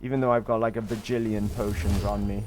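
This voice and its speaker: In a fairly low, level voice, a bit fast and over background noise, a middle-aged man streams a game and chats with his audience. The banter is casual and teasing, with jokes and occasional swearing.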